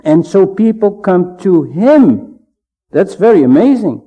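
A man giving a measured, emphatic Bible teaching sermon, pausing often to stress his points. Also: high-pitched, big pitch swings, warm tone. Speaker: preacher. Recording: dull lo-fi sound.

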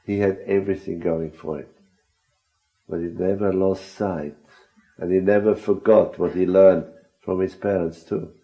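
Slow, dark-voiced man leading Bible study. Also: low-pitched, steady tone, poor audio. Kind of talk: group Bible discussion.

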